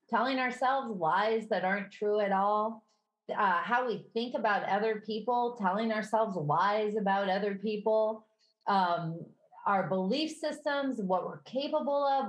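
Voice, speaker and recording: A woman with a Midwestern accent co-hosting a casual podcast chat, candid and quick to laugh. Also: medium pitch. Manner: chatty, laughs often, candid. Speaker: podcast co-host. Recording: echoey room.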